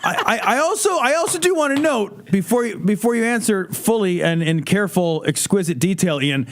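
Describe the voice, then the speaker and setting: Rambling, lively male co-host. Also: high voice, brisk, background noise. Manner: rambling, storytelling, joking. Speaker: podcast co-host. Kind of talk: casual livestream chat.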